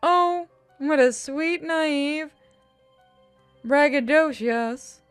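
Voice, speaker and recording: A woman voicing a gloating evil spirit that has taken over a young man, talking slowly and theatrically. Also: high-pitched, no echo, soft background music, pitched above the performer's own voice. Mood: mocking. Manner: slow, theatrical, mocking.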